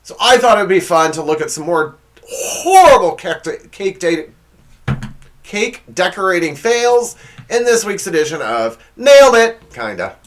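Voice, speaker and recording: A man's voice: high-pitched, big pitch swings, measured pace. A man hosting a comedic monologue, sarcastic and exasperated, often stumbling over his words. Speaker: comedy show host.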